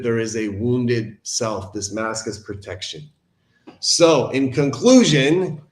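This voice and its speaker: A man giving a casual online talk for a recovery group, earnest and informal, calling his listeners "guys" and "man". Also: mid-range voice. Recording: echoey room.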